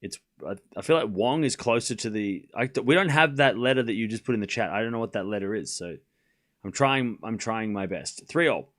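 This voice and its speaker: A man with an accent calls tennis points live on his stream, talking in short bursts about each rally. His voice is animated and jumps up sharply when a big point lands. He sounds like a casual streamer, not a broadcast booth. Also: on the low side, fairly quick. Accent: non-native English accent. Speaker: livestream tennis watchalong host. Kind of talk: live play-by-play scoring commentary mixed with chat replies.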